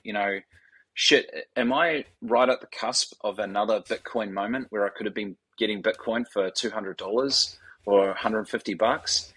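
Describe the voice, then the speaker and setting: Animated Kiwi man in his forties. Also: on the low side, normal speed, husky, low-quality recording. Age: 40s. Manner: animated storyteller, swears freely, acts out quoted voices. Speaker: guest, startup founder. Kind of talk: casual interview chat.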